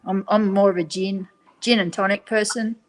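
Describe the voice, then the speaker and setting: Relaxed woman chatting. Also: mid-range voice, moderate pace, rough recording. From Australia. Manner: relaxed, trailing off with fillers. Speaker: guest in a chat. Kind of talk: casual chat.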